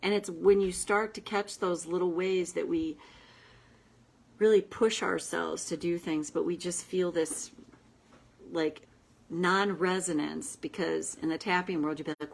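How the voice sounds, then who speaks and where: A woman self-help coach hosts a relaxed, conversational livestream for her viewers. Her slightly low, creaky voice is unhurried and at times drops to a soft, reassuring whisper. The recording is rough.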